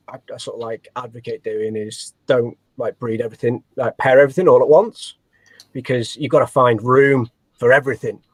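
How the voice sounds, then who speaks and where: A man's voice: medium pitch, no echo. A man, a snake breeder guest, talking in a rambling, self-deprecating way with many fillers and restarts. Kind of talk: casual interview chat.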